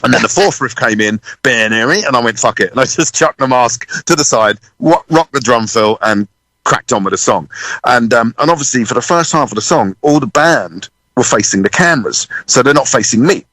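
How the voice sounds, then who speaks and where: A British man, a drummer, telling a lively story in a radio interview, swearing freely and acting out other people's voices. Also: mid-range voice, moderate pace, no echo, rough recording. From United Kingdom. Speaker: guest drummer.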